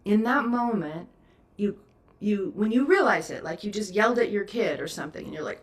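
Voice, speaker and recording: A woman's voice: mid-range voice, animated, fairly quick, distant mic. A woman teacher answering a question at a meditation service, earnest and laughing easily. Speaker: spiritual teacher.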